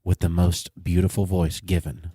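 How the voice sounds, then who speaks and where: A podcast co-host putting on the voice of a smooth, crooning late-night radio love-song host, slow and exaggerated. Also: male voice, sits low, flat delivery, mellow, dry recording, studio quality.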